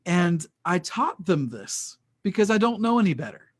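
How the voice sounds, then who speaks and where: A man's voice: high-pitched, sing-song, normal speed. A man telling an earnest, emotional faith testimony as a podcast guest, often repeating his words. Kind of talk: personal faith testimony in conversation.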